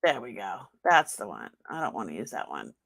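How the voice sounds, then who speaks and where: A woman's voice: rumbling low, a little fast, gravelly. A woman with a Boston accent hosting a live online sale, chatting casually and talking herself through on-screen steps. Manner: chatty, talks to herself while working the screen; excited squeals when announcing a winner. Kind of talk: live-stream chat.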